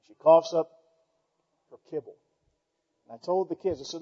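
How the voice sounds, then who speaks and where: A man preaching a folksy, animated sermon to his church, swinging between loud declarations and quiet asides. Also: fairly high pitch, normal speed, pauses often, breathy edge. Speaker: pastor. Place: church sanctuary. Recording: dull sound with long hall reverb.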